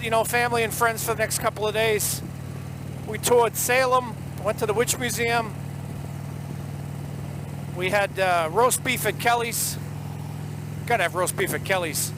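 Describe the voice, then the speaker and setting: A man's voice: extremely high pitch, steady tone, moderate pace, pauses often. A man with a Boston accent, telling a rambling, chatty story in a casual vlog recorded outdoors on the road. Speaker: vlogger. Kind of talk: casual vlog while riding. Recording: outdoor traffic noise.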